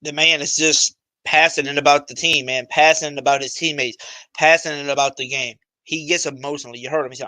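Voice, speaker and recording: A man's voice: fairly high pitch, fairly even intonation, a little fast, sharp tone, dry recording, low-quality recording. A man hosting a casual sports talk livestream, speaking emphatically and with plenty of slang and repetition. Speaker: livestream host.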